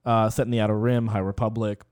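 A man's voice: lowish voice, flat delivery, fast talker, a little mellow, smooth. A man in a casual podcast chat, laid-back and speculating about the news.

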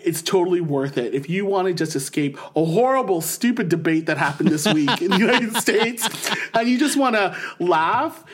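A man co-hosting a podcast, chatting enthusiastically about a comedy special and jumping into animated voices when quoting jokes. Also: high-pitched, moderate pace, a little hiss or hum. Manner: animated, quotes jokes in lively put-on voices. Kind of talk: casual enthusiastic chat. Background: married, talks of wife Emily.

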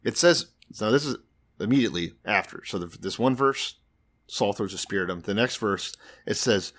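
A man's voice: fairly low pitch, moderate pace, fairly bright tone. A man casually retelling a Bible story with profane, sarcastic humor as a podcast co-host.

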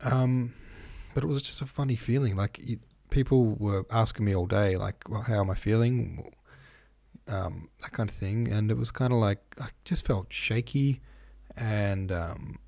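A man hosts his own podcast in a loose, meandering chat, stopping and restarting his sentences often. His voice sits fairly low with a gravelly edge. The tone is husky and mellow. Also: unhurried. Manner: rambling and hesitant, many fillers and restarts. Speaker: podcast host and novelist. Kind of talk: casual solo podcast chat.

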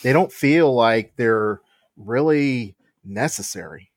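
A man co-hosting a casual podcast who offers blunt opinions in a steady, middle-pitched voice. The sound is close and dry. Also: slow pace, no room sound. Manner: frank, opinionated. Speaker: podcast co-host. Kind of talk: casual chat.

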